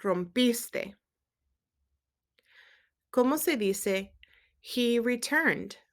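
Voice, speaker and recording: A woman teaching a Spanish lesson, quizzing viewers and gently checking their accent marks as she switches between English and Spanish. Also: on the high side, expressive, slow. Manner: asks quiz questions and gently checks accents. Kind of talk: recorded language lesson.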